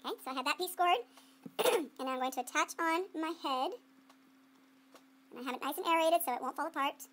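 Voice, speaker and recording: A woman art teacher with a high, fairly bright voice speaks a little fast but pauses often. During a classroom clay demonstration she's playful and chatty, thinking out loud as she works and quizzing students who call back answers.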